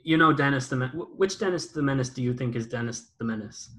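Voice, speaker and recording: A young man in a casual podcast chat who rambles and swears freely. His delivery is self-mocking, with a pitch that sits in the middle of the male range. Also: quick pace, fairly bright tone. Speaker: podcast host and former YouTuber.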